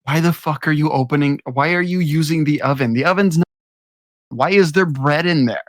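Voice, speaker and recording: A man's voice: fairly high pitch, a little fast, no echo, studio quality, close to an everyday voice. A man putting on the voice of an exasperated young stepbrother, whiny and complaining.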